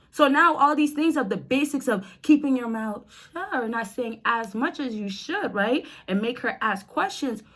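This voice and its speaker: A woman's voice: sits high, fairly bright tone. A woman, chatty and direct, coaching men on dating in a casual vlog. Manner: chatty, direct, addresses viewers as y'all and fellas. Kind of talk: casual advice vlog to camera.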